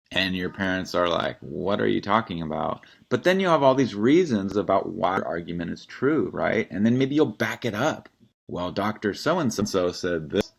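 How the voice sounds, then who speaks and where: A man with a very low voice teaches in a relaxed, conversational way, walking through a student essay in a recorded lecture. He is wry and plainspoken and clears his throat now and then.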